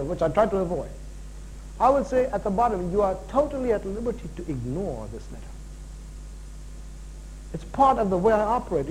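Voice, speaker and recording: A man preaching a sermon as pastor, animated and full of jokes and asides. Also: very high-pitched, slight background noise, poor audio.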